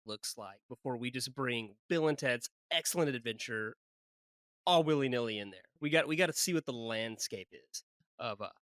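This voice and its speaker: A young man co-hosting a movie podcast, animated and jokey, laughing often as he chats. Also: mid-range voice, normal speed, no room sound. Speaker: podcast co-host. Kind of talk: casual movie podcast chat.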